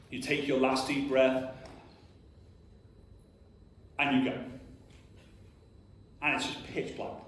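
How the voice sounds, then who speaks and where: A man in his thirties giving an earnest, emphatic motivational talk to an audience, often saying "like" and acting out little voices. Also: mid-range voice. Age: 30s. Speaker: conference speaker. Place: large hall before an audience. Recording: echoey hall, distant mic.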